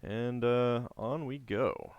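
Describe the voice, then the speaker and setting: A man hosting a playthrough of a role-playing game, reading its story text aloud between relaxed, chatty comments. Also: mid-range voice, slow pace, clear, resonant tone, no room sound, highs cut off. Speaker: gameplay host and narrator.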